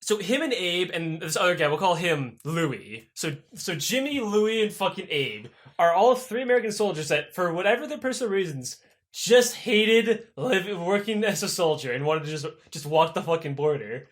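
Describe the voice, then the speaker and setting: Animated young man telling a profane story. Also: high voice. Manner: animated, profane, acts out characters in quick voices. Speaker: podcast co-host. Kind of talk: casual storytelling chat.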